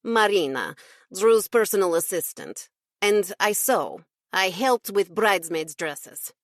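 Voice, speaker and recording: A woman's voice: medium pitch, lively intonation, takes it slowly, no room sound, clean studio sound. A woman narrator voicing a wry young female assistant with a Russian accent who drops her articles in clipped phrases. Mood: teasing.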